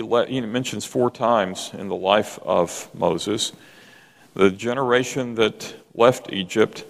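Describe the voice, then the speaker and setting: A man's voice: mid-range voice, gravelly. A man preaching a sermon, emphatic and full of rhetorical questions aimed at the congregation. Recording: long reverb of a hall.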